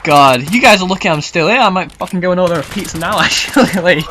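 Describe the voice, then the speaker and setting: A man's voice: high voice, fast, a bit bright, a little hiss or hum. A young man with a Yorkshire accent, rambling nervously and swearing through a casual Q&A commentary video. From Yorkshire, England. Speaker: gaming YouTuber.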